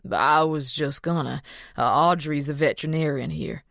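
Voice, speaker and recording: An embarrassed young man squirming in front of his mother, as a woman reader voices him, giving low, stiff, clipped replies. The storybook recording is close and dry. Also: normal speed, vocal fry, fairly bright tone, no echo. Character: young man, awkward, embarrassed grown son.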